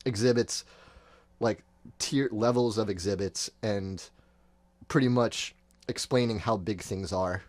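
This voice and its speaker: A man in his thirties with a lowish voice, retelling a wild day in a loose, rambling way and slipping into quoted voices. The sound is dry and close, with no room around it. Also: unhurried, pauses often, a little mellow, no echo. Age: 30s. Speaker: podcast host. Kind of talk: casual storytelling.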